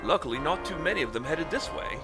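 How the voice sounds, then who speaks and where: A game heroine with a cheerful, badly imitated Australian accent that slips in and out, as a man puts her on. Game music plays clearly underneath. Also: on the high side, expressive, fast, pitched above the performer's own voice. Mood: chirpy. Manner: uneven, slipping accent.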